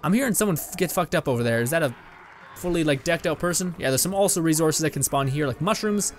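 Fast and with lively intonation, a young man from Canada hosts a gaming video, rambling casually through his let's-play, laughing and swearing without a second thought. His voice is a bit higher than most men's, faint music sits underneath, and he records in a home room with a green screen and lights.

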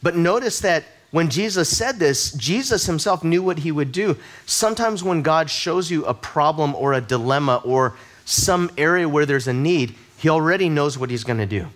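A man's voice: mid-range voice, a bit bright. A man preaching a sermon as a pastor, telling personal stories in a conversational, self-deprecating way and often repeating words as he starts a sentence. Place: church service.

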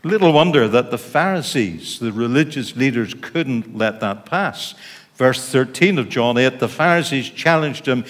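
A man's voice: medium pitch, animated, unhurried. A middle-aged man with a Northern Irish accent, a pastor preaching a sermon in an informal, chatty way, with asides to the congregation. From Northern Ireland. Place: church. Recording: reverberant church hall.

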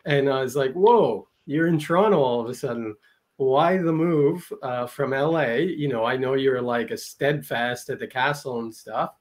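A man's voice: medium pitch, normal speed. A man co-hosting a casual chat in a laid-back way, laughing easily and using lots of fillers. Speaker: co-host.

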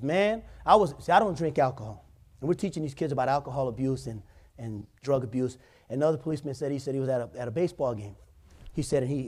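A man's voice: fairly high pitch, a little mellow. A male pastor preaching in church, telling stories conversationally and building to emphatic points. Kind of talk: sermon.

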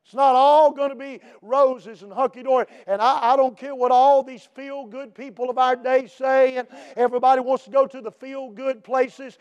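Man, pastor, sermon, very high voice, shouted emphatic refrains. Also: level tone, moderate pace, few pauses, clear, resonant tone, lo-fi sound. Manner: preaching with shouted emphatic peaks and repeated refrains.

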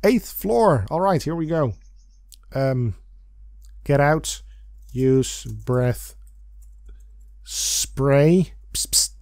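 A man's voice: medium pitch, animated, very slow, pauses often, darkish tone, dry recording, studio quality. A man hosting a let's play of an old adventure game, reading its text aloud in a playful, giggly way. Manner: playful, giggly, sings and reads lines with silly emphasis.

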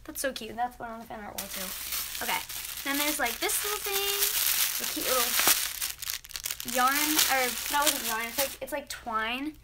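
A woman's voice: high-pitched, expressive, moderate pace, very noisy. A teenage girl vlogger opening fan mail, chatty and gushing as she reads letters aloud. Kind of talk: casual mail-opening vlog.

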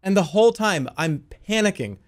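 A young man telling a wild story to his stream in a casual, animated way, swearing freely. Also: sits high, normal speed. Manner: animated, swears a lot, yells in the quoted bits.

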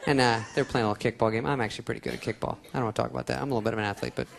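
A man's voice: mid-range voice, fairly even intonation, very fast, vocal fry. A man doing stand-up comedy on a theater stage, sarcastic and self-mocking. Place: theater stage before an audience. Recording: live concert recording with crowd. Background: audience laughter.

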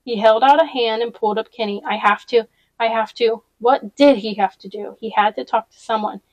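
A woman reading a novel aloud in a relaxed read-along style, with small restarts as she goes. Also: fairly high pitch, normal speed, no echo, rough recording.

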